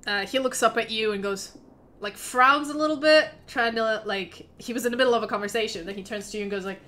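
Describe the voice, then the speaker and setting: A woman's voice: fairly high pitch, fast talker, sharp tone. A woman narrating as game master of a tabletop fantasy game, chatty and given to laughing asides.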